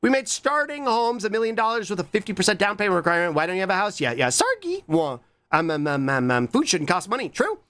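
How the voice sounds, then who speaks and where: A man's voice: high-pitched, very animated, quick pace, a bit bright. An American man streaming, chatting casually with lots of swearing and rambling, humming filler sounds between thoughts. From USA.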